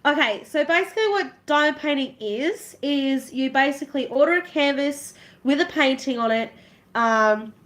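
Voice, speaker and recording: A woman's voice: sits high, expressive, moderate pace, a bit bright. A woman with an Australian accent chatting casually and giggling often while doing a craft on a live stream. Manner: chatty, giggly, self-conscious.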